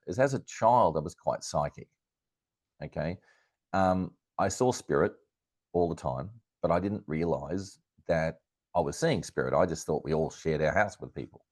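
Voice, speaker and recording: A middle-aged Australian man, an astrologer guest in an interview, telling a personal story in a lively anecdotal way with plenty of fillers and restarts. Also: low voice, dry recording, studio quality.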